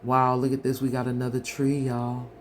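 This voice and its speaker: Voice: medium pitch, completely flat delivery, normal speed, a little hiss or hum. A tarot reader giving a collective reading in a casual, chatty way, talking straight to the viewers.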